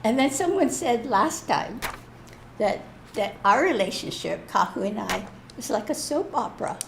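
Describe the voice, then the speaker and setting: Gravelly-voiced woman telling a church story. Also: fairly high pitch, normal speed, a little hiss or hum. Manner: lively, self-mocking storytelling with laughs. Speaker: church speaker. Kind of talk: personal story shared at a church service. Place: church hall.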